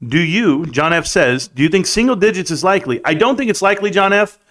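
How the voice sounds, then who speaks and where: A man's voice: high voice, animated, a little fast, fairly bright tone. A man hosting a casual livestream from a room at home, reading out chat in a laid-back, chummy way and laughing often.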